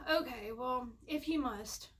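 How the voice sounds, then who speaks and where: Talking straight to her viewers from home like a vlogger, a young woman chats through a personal story, poking fun at herself. Her high voice is lifted, bright, and slightly sharp, and she speaks at a normal speed in this casual storytime.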